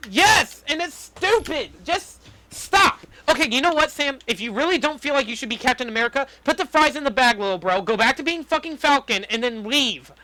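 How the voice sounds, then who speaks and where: A man's voice: extremely high pitch, fast talker, few pauses, bright, forceful tone. A young man co-hosting a podcast in casual chat, griping about a movie with a lot of swearing. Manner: profane, ranting movie criticism. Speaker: podcast co-host.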